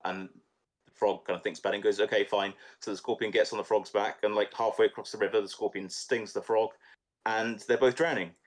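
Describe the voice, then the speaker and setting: A man's voice: on the low side, fairly even intonation, a little fast. A man co-hosting a casual film podcast, retelling a fable in a loose, sweary way with repeated words. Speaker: podcast co-host.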